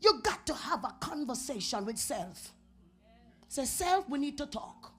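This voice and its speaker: A Jamaican woman preaching a revival sermon in a church, dropping to whispers and rising to shouts. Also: high voice, sing-song, a little slow, faint music behind. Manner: swings from whispers to shouting, chanted tongues. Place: church sanctuary.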